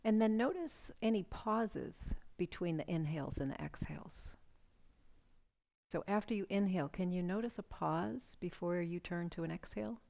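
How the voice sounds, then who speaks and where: A woman with a slightly low, gravelly voice leads a seated yoga breathing practice at a moderate pace. Calm and gentle, she invites the listener to notice each breath, framing her instructions as soft, patient questions.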